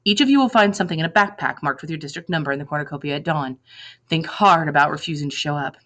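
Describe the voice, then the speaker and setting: Woman voicing a male announcer, grand, ominous, bright forceful tone. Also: deep voice, fast. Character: smooth male announcer inviting to a feast.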